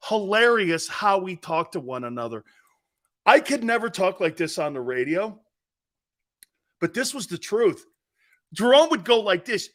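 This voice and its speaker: A middle-aged man hosting a sports talk show, telling stories in a loose, animated way and acting out the voices of the people he quotes. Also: high-pitched, normal speed. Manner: animated storyteller, acts out quoted voices, laughs often. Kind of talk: casual storytelling monologue.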